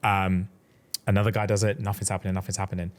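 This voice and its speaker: A man's voice: deep voice, fast talker. A young man, a podcast co-host animatedly retelling a book plot in casual chat and acting out the characters' lines. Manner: animated storyteller, acts out the characters' lines in a raised voice.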